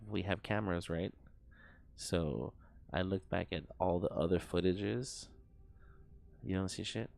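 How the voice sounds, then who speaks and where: A man's voice: sits low, vocal fry, no echo. A young man streaming live, telling a story in a rambling, profane way, full of fillers and sound effects.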